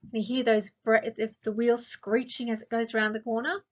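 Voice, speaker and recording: An Australian woman teaching a grammar lesson to young children, speaking slowly and clearly and asking lots of questions. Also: on the high side, flat delivery. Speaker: primary school teacher. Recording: dull lo-fi sound.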